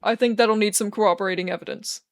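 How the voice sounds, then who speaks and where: A dry, skeptical young man with a wry, deadpan way of teasing, read by a woman in her own low-key voice. He sounds unimpressed yet fond, in a storybook reading. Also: normal speed, no echo, lightly acted.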